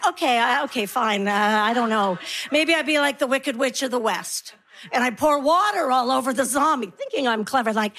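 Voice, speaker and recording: A middle-aged woman performing a stand-up comedy routine, animated and acting out her kids and herself in different voices, with audience laughter behind her. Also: high voice, brisk.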